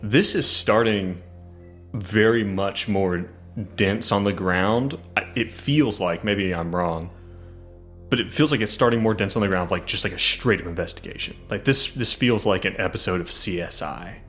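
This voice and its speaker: A man chatting casually as a tabletop game player, quick and given to repeating himself. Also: fairly low pitch, fairly bright tone, faint music behind.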